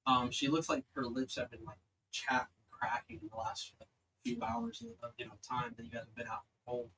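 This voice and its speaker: A man's voice: medium pitch, animated, fairly quick, pushed and bright, a little hiss or hum, low-quality recording. A young man narrating as dungeon master, rambling with many fillers. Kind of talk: narrating a tabletop game.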